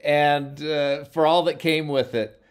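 Smooth-voiced male podcast host. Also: fairly high pitch, steady tone, slow. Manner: friendly, wraps up with praise for the guest. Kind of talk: casual interview.

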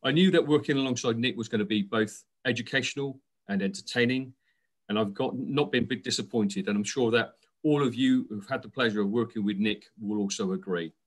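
A man's voice: medium pitch, fairly quick. A man, the incoming board chair, giving an earnest tribute speech in an online meeting, with frequent fillers.

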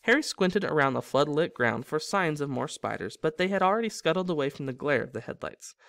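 A man's voice: a little high, animated, brisk, creaky, a bit bright, dry recording, studio quality. A man reading a novel aloud as a storyteller, with small slips that he corrects himself. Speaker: reader.

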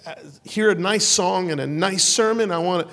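Man, forties, pastor preaching, fairly high voice, joking then fervent, long hall echo. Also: normal speed. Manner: lively, joking, builds to loud passionate preaching. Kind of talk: sermon. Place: church sanctuary. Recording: long church hall reverb.

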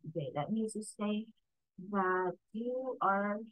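A woman with a Filipino accent gives an English lesson at a slow, measured pace. Her voice sits in a middle range and the sound is dry and close, with no room echo. She often checks in with learners as she goes. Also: mid-range voice, a bit bright. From Philippines. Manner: unhurried, frequent "okay?" check-ins. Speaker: English teacher. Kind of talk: ESL lesson.

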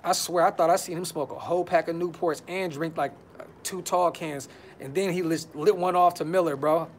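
A man's voice: on the high side, steady tone, fairly quick, a little hiss or hum. A man hosting a fan podcast, talking casually on a live stream with frustration, blunt slang and lots of repeats. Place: brother's house.

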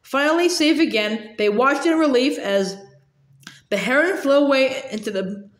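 A woman reading a children's novel aloud, halting and repeating words with many uhs. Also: sits high, lively intonation, roomy sound. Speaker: reader.

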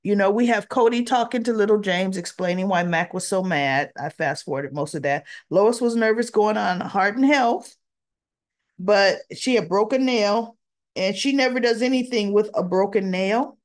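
A woman's voice: mid-range voice, moderate pace. A woman recapping a daytime soap episode in a casual, chatty way, acting out bits of the dialogue as she retells the scenes. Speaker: soap opera reviewer.

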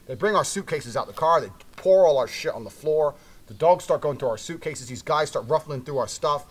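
A man's voice: on the high side, expressive, a little fast. A man from Britain telling a brash, profane story with heavy emphasis.

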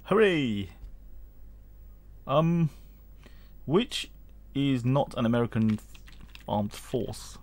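A man's voice: medium pitch, animated, drawn-out words, pauses often, darkish tone. A man giving casual let's-play commentary, reading game text aloud, rambling, humming and chuckling as he goes. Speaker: gaming channel host.

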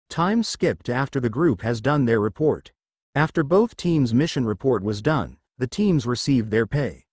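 A man narrating a fan fiction story aloud, his pitch rising and falling in animated storytelling. The recording is close and dry, with no room sound. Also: measured pace, husky, no room sound.

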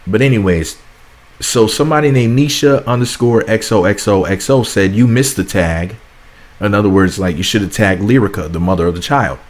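A man's voice: lowish voice, a little fast. A man hosting a celebrity gossip channel, reading viewers' comments aloud in a chatty, sassy way and laughing at his own asides.

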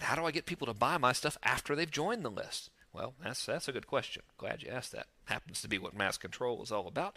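A man giving a casual, joking marketing lesson to camera, self-mocking and animated, recorded overlooking the ocean. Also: mid-range voice, vocal fry. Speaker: internet marketing teacher.

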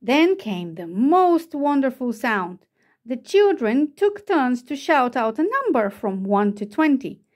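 Slow, expressive woman reading a picture book. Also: high voice. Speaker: children's book reader. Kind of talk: children's read-aloud narration.

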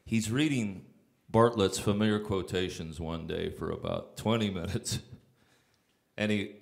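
A songwriter spins loose, anecdotal stories on stage, his fairly low, creaky voice unhurried. He often restarts and uses fillers.

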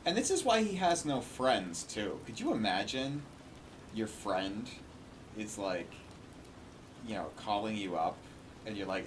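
A man's voice: fairly low pitch, sing-song, unhurried, long pauses, noisy background. Sarcastic man commenting over a recording. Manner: sarcastic, exasperated. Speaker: commentary streamer. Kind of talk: casual commentary on a played recording.

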